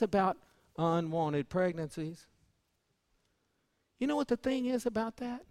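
A preacher with a fairly high voice delivers a sermon in a folksy, storytelling way. He swings between loud, ringing passages and near-whispered ones. The sound is dry and close. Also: animated, a little slow, long pauses, dry recording. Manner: dramatic swings from loud to hushed.

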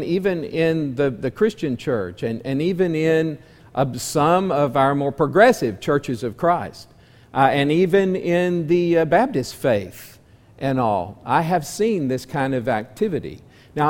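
A man teaching a church class in a folksy sermon style, asking his listeners many questions and moving between loud and soft delivery. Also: medium pitch. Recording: long hall reverb.

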